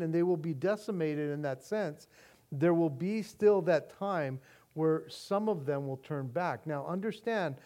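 Male pastor with a high voice, earnest sermon delivery with frequent restarts, moving between soft and emphatic.

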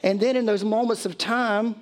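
A middle-aged man preaching a sermon as pastor, reading scripture slowly and deliberately, then talking to the congregation in a conversational way. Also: high voice, fairly even intonation.

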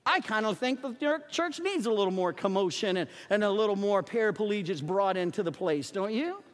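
Man, pastor, sermon, very high voice, animated storytelling, long church reverb. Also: brisk. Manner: animated storytelling that acts out the characters. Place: church sanctuary.

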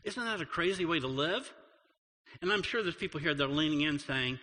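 A man preaching in a church with a bright, fairly high voice that rises and falls with lively energy. He talks to the congregation like a conversation and slips into acted voices for quotes, all ringing with a long hall reverb. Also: a little fast. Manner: animated, acts out quotes, conversational. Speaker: pastor. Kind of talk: sermon.

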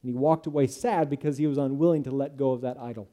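A man's voice: mid-range voice, steady tone, quick pace, dark tone. A male pastor preaching a sermon, in an earnest, emphatic manner.

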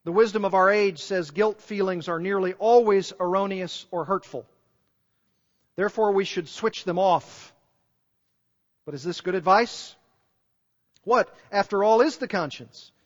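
A high-pitched male preacher delivers an earnest sermon, returning again and again to pointed rhetorical questions. His voice carries long reverb from a large church sanctuary. The recording itself sounds dull and muffled. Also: a little slow, long pauses.

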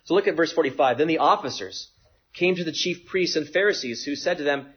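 A man preaching a sermon in an animated way, acting out the voices in the passage he reads and often asking "right?". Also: on the high side, fairly quick, husky, lo-fi sound. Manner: animated, acts out quoted voices, frequent "right?". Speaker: pastor.

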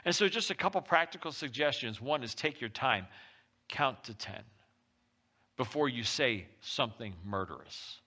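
A male pastor giving a conversational sermon, swinging between loud pushes and soft drops. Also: medium pitch. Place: church.

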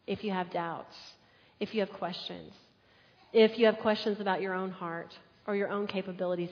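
A woman pastor, preaching a sermon and acting out the quotes as she tells the story. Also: medium pitch. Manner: animated storytelling with acted-out quotes. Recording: echoey hall, dull muffled sound.

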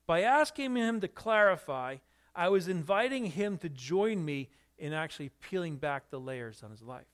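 Brief: pastor, male, higher-pitched, lively storyteller who puts questions to the room. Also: moderate pace, clean tone. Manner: animated, asks the listeners questions. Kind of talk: sermon storytelling.

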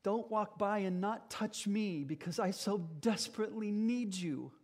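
A man's voice: high voice, a little slow, darkish tone. A man preaching a sermon as pastor, earnest and emphatic, speaking directly to his congregation.

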